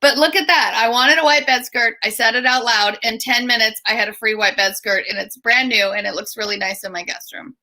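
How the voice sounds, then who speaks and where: A middle-aged woman tells stories over a video call, slightly high-pitched and with a bright, forceful edge. She is animated and slips into the voices of the people she quotes. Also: brisk, hardly any pauses. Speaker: interview guest, author and speaker. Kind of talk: storytelling in an online interview.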